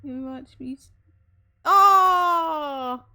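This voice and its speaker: A woman's voice: high-pitched, extremely slow, pushed and bright. A young woman streaming as a VTuber, chatting casually and teasingly with viewers and laughing often.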